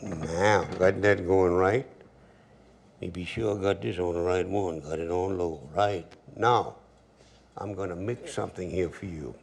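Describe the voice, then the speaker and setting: Give me an older man with a deep gravelly drawl, chatting through a cooking demo. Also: measured pace. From Louisiana. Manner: relaxed drawl, storytelling asides. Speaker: cooking show host. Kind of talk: folksy cooking demonstration.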